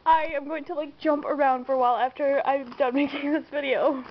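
A woman's voice: high-pitched, fairly even intonation, fairly quick, hardly any pauses. A young woman chatting casually through an unboxing, gushing and giggling. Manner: bubbly and gushing, squeals and giggles often. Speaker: vlogger. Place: home room indoors. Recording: dull lo-fi home camera audio, faint hiss.

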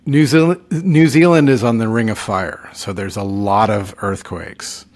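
A man's voice: fairly low pitch, measured pace. A middle-aged man, sleepy and fading late at night, rambling and trailing off in casual chat as a podcast co-host. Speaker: podcast co-host, touring musician.

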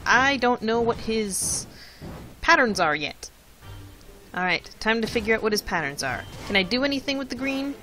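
A casual gameplay commentator with a bright, crisp tone talks to themselves while playing, chatty and thinking aloud. They keep repeating short words in rhythm as they time each move. Faint game music plays underneath. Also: medium pitch, sing-song, moderate pace. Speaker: let's play commentator.

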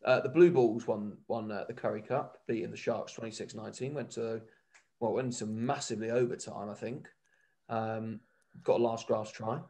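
A man co-hosting a rugby podcast, talking in an excitable, rambling way with many restarts. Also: fairly low pitch, normal speed. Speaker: podcast co-host. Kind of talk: casual rugby chat.

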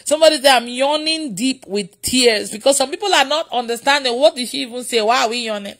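Woman preacher, livestream prayer, often laughing, higher voice, repeats phrases. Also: brisk, a bit bright.

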